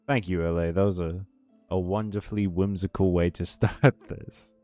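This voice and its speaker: A man's voice: low voice, steady tone, normal speed, darkish tone, faint music behind. A man chatting casually on a game stream, rambling and ranting, often laughing between thoughts, talking close to a desk mic.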